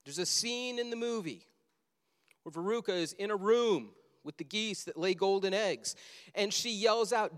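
A man's voice: sits high, a little slow. A man preaching a sermon, telling stories animatedly and acting out scenes from a film. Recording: long hall reverb.

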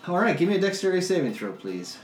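Game master man, relaxed storyteller, echoey room, soft music underneath. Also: sits high, fast talker. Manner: relaxed, laughs often, loose descriptive storytelling. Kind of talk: narrating a tabletop game. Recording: roomy echo, faint music behind.

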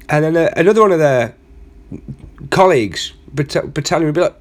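A man's voice: fairly high pitch, lively intonation, moderate pace, long pauses. A man hosting a comedy podcast, telling a rambling, self-mocking story full of asides. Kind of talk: comic storytelling monologue.

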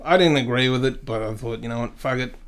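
A man's voice: medium pitch, fast, smooth. A middle-aged Australian man, a podcast guest, chatting in a laid-back way and swearing casually.

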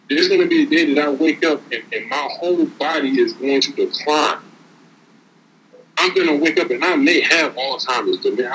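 A man's voice: a little high, sharp tone, slight background noise, low-quality recording. A man giving casual, streetwise motivational talk as a podcast co-host, preaching and repeating words as he builds each point.

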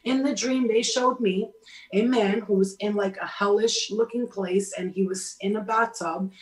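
A woman talks through spiritual advice in a blunt, emphatic manner, cursing freely. Her pitch sits in the middle for a woman. The sound carries a roomy echo. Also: fairly even intonation, moderate pace. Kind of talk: casual spiritual talk.

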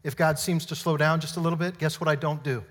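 Energetic pastor in a reverberant hall. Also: male voice, a little high, quick pace. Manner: energetic, playful, demonstrating on stage. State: out of breath. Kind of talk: sermon. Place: church hall.

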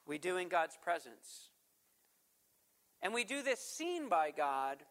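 A man delivers a sermon at an unhurried pace. His voice sits high and sounds bright. He swells on key phrases, then falls quiet to drive a point home. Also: big pitch swings. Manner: earnest preaching, swells up then drops to hushed emphasis. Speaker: pastor.

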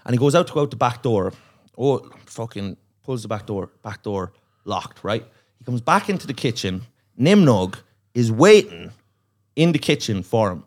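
Animated man telling a story. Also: mid-range voice, normal speed. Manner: animated, profane storytelling with voiced quotes. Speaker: comedian guest. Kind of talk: storytelling podcast chat.

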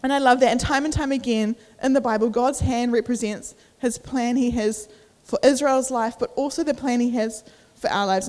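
A woman's voice: a little high, a little mellow. Young woman preacher, casual and chatty, lots of likes, bit out of breath, echoey church hall. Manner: chatty, many "like" fillers, acts out inner voices. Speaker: youth preacher. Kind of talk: casual sermon.

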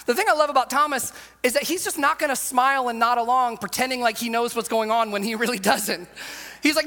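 A man's voice: very high voice, fairly even intonation, brisk, pushed and bright. A man preaching a sermon in an earnest, conversational way, acting out the quotes in his stories. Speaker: pastor. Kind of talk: sermon with storytelling. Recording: long hall reverb.

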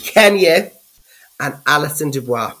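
A man with a Dublin Irish accent chatting as a podcast guest. His pitch swings widely as he talks. He is giggly and loose, swears freely and leans on "like" as a filler. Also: lively intonation, unhurried, sharp tone, low-quality recording. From Ireland, Dublin. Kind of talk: casual chat.

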